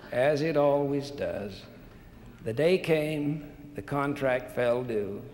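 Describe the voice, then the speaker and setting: A church leader telling a parable in a measured, deliberate sermon at a conference in a large assembly hall. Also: male voice, mid-range voice, creaky. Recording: long hall reverb, faint noise.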